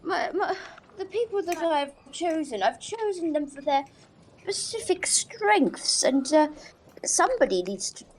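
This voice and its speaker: A woman's voice: very high voice, big pitch swings, a little slow. A woman playing a tabletop role-playing game, talking in a hesitant, stumbling way. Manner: hesitant, stumbling player's talk. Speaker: player.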